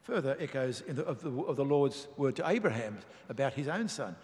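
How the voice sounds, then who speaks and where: Emphatic preacher in an echoing hall. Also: male voice, mid-range voice, big pitch swings, a little mellow. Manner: measured, emphatic reading of scripture. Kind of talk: sermon. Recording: long reverb of a large hall.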